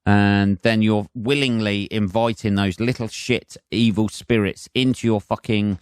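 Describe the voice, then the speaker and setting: A man, a stand-up comedian, rants alone into a close, dry podcast mic. His voice sits fairly low, and his delivery is sarcastic and heavy with swearing. He keeps breaking into mocking impressions as he goes. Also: fairly even intonation, measured pace, clean tone, no echo. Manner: sweary, sarcastic, mimics voices mid-rant. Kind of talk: solo comedic rant.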